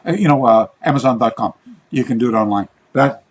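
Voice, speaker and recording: Over some background noise, this karate teacher and researcher from Western talks fairly quickly and expressively in a mid-range voice. He spins long, wandering interview stories, frequently starting sentences over and imitating the voices of others.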